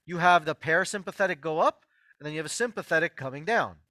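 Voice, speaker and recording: A man's voice: on the high side, expressive, quick pace, sharp tone, no echo. A man hosting an online healing workshop, giving an emphatic motivational health lecture and repeating his key phrases straight to his listeners.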